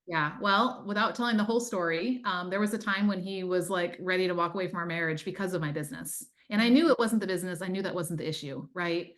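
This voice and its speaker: Woman guest coach, slightly low pitch, earnest, faith-filled, chatty testimonial. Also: quick pace, few pauses. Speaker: time management coach, guest. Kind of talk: testimonial interview.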